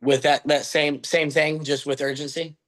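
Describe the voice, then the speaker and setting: Man rehearsing a sales pitch, higher voice. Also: level tone, moderate pace, fairly bright tone. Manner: tentative, working out his lines aloud. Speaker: sales rep in training.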